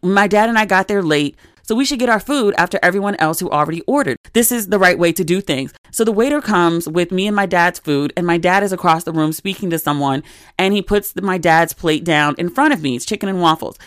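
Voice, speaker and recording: A young adult woman hosting a podcast, telling stories in casual, animated chat with frequent asides. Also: lowish voice, brisk, clear, resonant tone, dry recording, clean studio sound. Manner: animated, conversational storytelling with asides. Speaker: podcast host.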